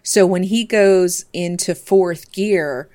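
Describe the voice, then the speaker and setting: Brief: a woman as a prim, charmed older actress, slow, low-pitched, formal. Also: darkish tone. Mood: gracious. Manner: genteel and formal.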